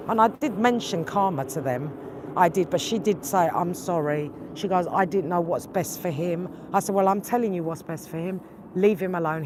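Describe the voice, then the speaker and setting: A woman's voice: on the low side, a little mellow, slight background noise. A woman hosting a vlog, angrily retelling a run-in with her neighbours and quoting both sides at length. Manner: indignant, retells arguments with quoted dialogue. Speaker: tarot channel host. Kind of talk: casual vlog storytelling.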